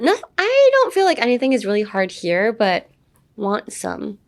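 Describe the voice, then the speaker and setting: A woman's voice: lively intonation, unhurried. Playful American woman teaching English. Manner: chatty and playful, acting out lines with big pitch jumps. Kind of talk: casual podcast English lesson.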